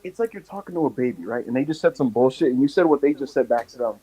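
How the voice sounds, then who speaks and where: A man's voice: mid-range voice, very fast, breathy edge, poor audio. A young man co-hosting a casual wrestling podcast, telling rambling stories with lots of swearing. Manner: animated, swearing, rambling storyteller. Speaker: podcast co-host.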